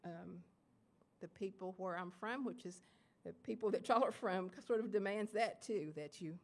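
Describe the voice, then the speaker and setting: Speaking to a room of writers in a lecture hall, a guest lecturer with an Appalachian Kentucky accent delivers her talk at medium pitch. She's self-deprecating and halting, full of fillers and restarts.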